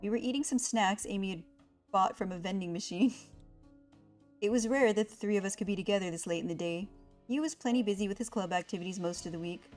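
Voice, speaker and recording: A young woman streamer reading a visual novel game aloud, voicing its story with feeling and chatting between lines. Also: medium pitch. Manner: expressive, voicing the inner monologue with rising panic.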